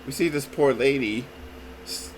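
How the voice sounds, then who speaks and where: A YouTube reviewer gives a casual, rambling take on a movie trailer, frequently addressing his audience as "folks" and restarting sentences. He speaks unhurriedly in a mid-range voice, and the recording is rough with slight background noise.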